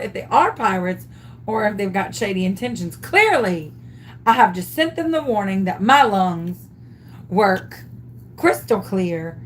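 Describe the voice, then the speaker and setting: A woman chats her way through a funny story while she crafts. She is animated and self-amused, with a mid-range voice. Faint background hiss sits under the recording. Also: medium pitch. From Louisiana. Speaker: craft vlogger.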